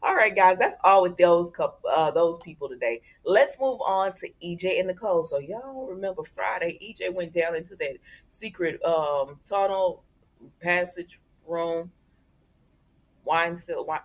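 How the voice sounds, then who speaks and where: A woman's voice: on the low side, unhurried. A woman hosting a casual soap opera recap, chatting to her viewers and retelling each scene by acting out the characters' lines. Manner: chatty, conversational, addresses viewers as y'all.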